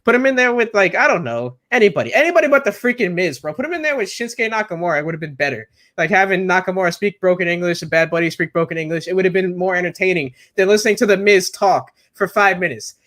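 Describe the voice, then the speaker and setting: A man with a notably high voice rants about wrestling in a loose, animated way. He keeps stacking up "like" and "bro" as he gets worked up. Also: fast talker, hardly any pauses. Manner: animated ranting, says "bro" and "like" often. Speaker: wrestling show co-host. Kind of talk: casual podcast chat.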